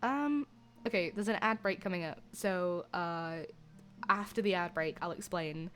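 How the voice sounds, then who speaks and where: A woman's voice: fairly low pitch, measured pace, fairly bright tone, soft background music. Chatty woman streamer. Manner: rambling, playful, giggly. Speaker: livestreamer. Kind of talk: casual chat with viewers.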